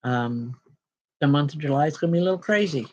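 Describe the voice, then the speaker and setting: A fast-talking spiritual medium with a low, slightly mellow voice hosts live spirit-message readings, heard through a muffled recording. She chats, apologizes, says um often, and is emotional at times.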